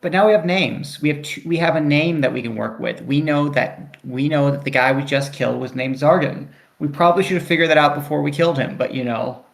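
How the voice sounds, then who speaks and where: A man's voice: on the high side, brisk, vocal fry, few pauses. A man playing a tabletop game, musing and thinking aloud. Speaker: player. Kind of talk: casual tabletop game chat.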